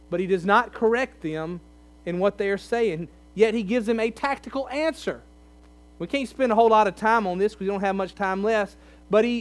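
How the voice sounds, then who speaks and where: A man preaching a sermon, conversational and emphatic as he reads and explains scripture. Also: high voice. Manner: conversational, emphatic, pleading in places.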